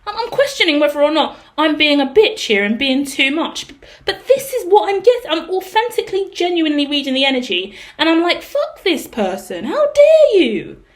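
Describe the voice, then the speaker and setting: A woman's voice: high-pitched, animated, fairly quick. A woman giving a tarot reading, blunt and profane with dramatic outbursts. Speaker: tarot reader. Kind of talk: casual tarot reading monologue.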